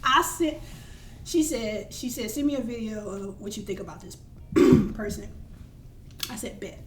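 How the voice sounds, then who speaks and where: A woman hosting a casual podcast, telling her side as an animated storyteller who acts out quotes with laughter. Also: medium pitch, a little slow. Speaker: podcast host. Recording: roomy, distant mic with faint noise.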